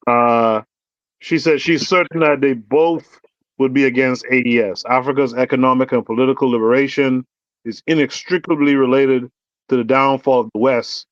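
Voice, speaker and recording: Male host, measured and steady, keeps the panel moving, lo-fi dry call audio. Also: medium pitch, no echo. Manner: calm, measured, reads chat comments. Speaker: show host and moderator. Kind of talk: moderating a panel discussion.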